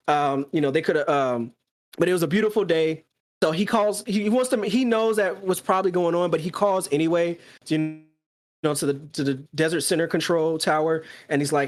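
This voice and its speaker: A podcast co-host talking casually, excitedly retelling a story and acting out the quoted lines. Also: male voice, on the high side, brisk. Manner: excited, acts out quoted dialogue.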